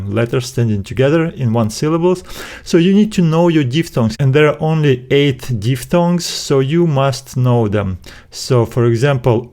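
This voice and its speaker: Slow, deliberate male teacher. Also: medium pitch, darkish tone. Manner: slow and deliberate, syllable by syllable, many "uh" fillers. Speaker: Greek language teacher. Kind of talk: slow explanatory lesson.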